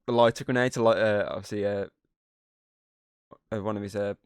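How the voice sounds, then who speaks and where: A man's voice: on the low side, steady tone, a little fast, clean tone, dry recording, clean studio sound. A man co-hosting a podcast, recapping a film in casual chat, swearing freely and acting out the characters' lines. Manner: swears freely, puts on voices to act out scenes. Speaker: podcast co-host. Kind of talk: casual movie review chat.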